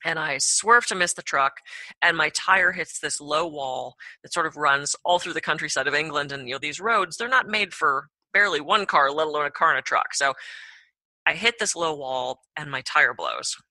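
A woman tells a personal story as a podcast guest, throwing her voice up high when she acts out her own reactions. Her tone is bright and edged. The recording is close and dry, with no room sound. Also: moderate pace, no echo. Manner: animated, acts out her own reactions with big pitch jumps. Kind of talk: storytelling anecdote.

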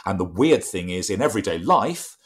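A man, a voice trainer, explaining his craft in a conversational podcast interview with lively, emphatic delivery. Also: fairly quick. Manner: lively, emphatic explaining with wide pitch swings.

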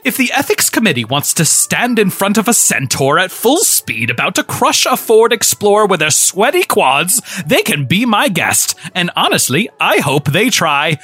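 A performer voicing a boastful, drunk old gnome headmaster in a comedic audio drama, swaggering between sly mutters and loud outbursts. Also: medium pitch, sing-song, normal speed, few pauses, breathy edge, no room sound, faint music behind. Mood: callous.

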